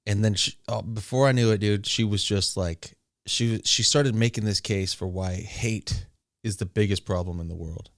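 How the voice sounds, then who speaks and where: A man's voice: lowish voice, moderate pace, dry recording. A man casually telling a long story, rambling with crude asides and laughs. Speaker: streamer.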